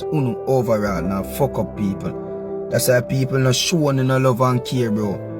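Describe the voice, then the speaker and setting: Jamaican man, scornful patois rant, mid-pitched, loud music underneath. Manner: bitter, scornful, repetitive. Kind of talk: ranting monologue.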